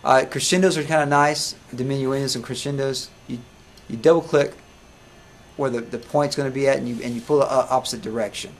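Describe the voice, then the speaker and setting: A man demonstrates music notation software to a room of students, talking loosely and stopping to ask them questions. His voice sits at an ordinary middle pitch, with a faint hiss of noise behind it. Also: fairly even intonation. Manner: casual, halting, asks students questions. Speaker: music teacher. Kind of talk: live classroom software demo.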